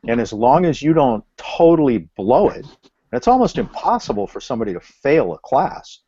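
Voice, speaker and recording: A man, an educator in a casual video call discussion, laying out an extended argument in a measured, explanatory way. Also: medium pitch, big pitch swings, mellow, breathy edge. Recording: dull dry video call audio.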